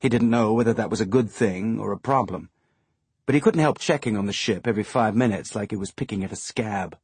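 A man narrating a science-fiction audiobook in a measured, even storytelling manner. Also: lowish voice, husky, no room sound.

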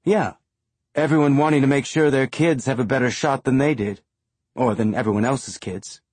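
A man voicing a wry, steady woman crewing a ship in an audiobook, with a dry, teasing manner. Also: medium pitch, moderate pace, breathy edge, dry recording, close to an everyday voice.

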